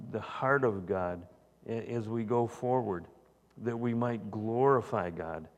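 A man with a fairly low voice preaches a sermon as the pastor. He talks loosely and conversationally, with many fillers and restarted phrases. His voice carries the long reverb of a large church hall. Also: darkish tone.

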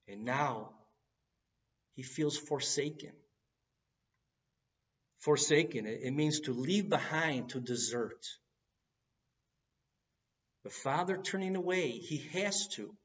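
Male preacher, unhurried earnest sermon delivery, recorded from a distance with a dull sound. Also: medium pitch. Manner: earnest, building to cries at key moments.

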